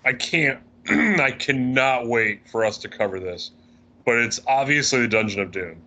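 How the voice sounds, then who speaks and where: A man co-hosting a wrestling podcast, answering trivia in casual chat, thinking aloud and clearing his throat. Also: mid-range voice, normal speed, bright, forceful tone, poor audio.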